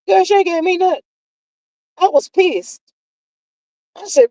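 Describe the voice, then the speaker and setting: Lady live streaming gossip, high voice, warm and mellow, sassy drawl, child and honey every line. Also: animated, brisk, no echo, low-quality recording. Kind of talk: casual gossip chat reading viewer comments.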